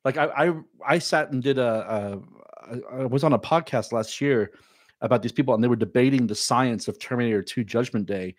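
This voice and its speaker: A man's voice: medium pitch, fairly quick, no room sound. A man hosting a casual movie podcast, joking and rambling with many restarts. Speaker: podcast host.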